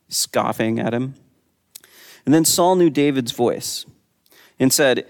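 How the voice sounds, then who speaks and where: A man's voice: a little slow, long pauses. Man preaching in a reverberant hall. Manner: conversational teaching, reads scripture aloud with raised pitch. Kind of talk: sermon.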